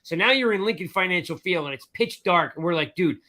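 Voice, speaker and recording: A man co-hosting a sports talk show, telling a long anecdote in a lively, chatty way, acting out the other people's voices. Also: high-pitched, quick pace. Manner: animated storyteller, acts out voices, repeats "I'm like" and "right?". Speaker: podcast co-host. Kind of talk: casual storytelling chat.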